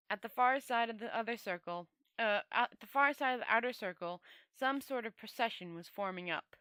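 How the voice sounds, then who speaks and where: A woman host reading a novel aloud to her viewers in a chatty, relaxed way, stumbling and rereading words now and then. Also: medium pitch, moderate pace, dry recording. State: dry throat. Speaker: storyteller host. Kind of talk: reading a novel aloud, casual sign-off chat.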